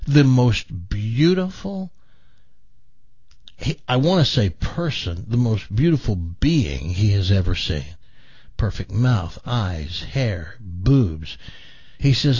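A man hosting a talk show, telling a long joke in an animated way, restarting and repeating words as he goes. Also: on the low side, slow pace, slightly rough, dull audio. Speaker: radio show host.

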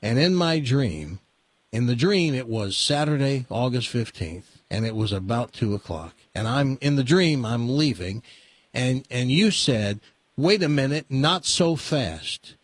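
Older male radio host, husky, dry close sound, chatty storyteller who laughs a lot. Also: mid-range voice, expressive, measured pace, dry recording. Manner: chatty, laughs often, spins comic tall tales. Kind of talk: casual radio chat and storytelling.

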